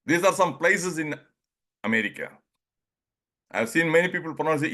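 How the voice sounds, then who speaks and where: A man's voice: a little high, lively intonation, sharp tone. A man from India with an Indian English accent, giving an informal online talk on pronunciation, chuckling often and acting out little dialogues. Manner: chuckles often, acts out dialogues, drawls words slowly. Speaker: presenter leading an online group session.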